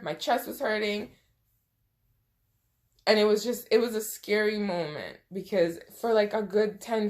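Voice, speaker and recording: A young woman telling a personal storytime, emotional and close to tears, acting out what people said. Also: medium pitch. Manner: emotional, tearful retelling with quoted dialogue. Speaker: vlogger. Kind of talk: storytime vlog.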